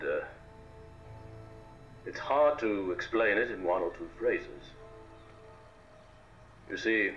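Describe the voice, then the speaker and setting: A cryptic, deep-voiced mentor. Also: male voice, a bit bright, dull audio, exaggerated voice. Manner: measured, mysterious, speaks in pauses. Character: cryptic calm male mentor revealing secrets. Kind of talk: film dialogue.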